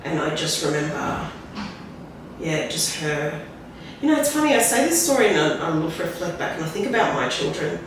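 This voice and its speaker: A woman's voice: deep voice, very animated. Female guest, frank storyteller with restarts and tag questions; recorded off-mic in a reverberant room. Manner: rambling, tag questions like "right?"; halting, restarts when emotional. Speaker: podcast guest. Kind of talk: candid personal storytelling. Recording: very echoey room, distant mic, faint noise.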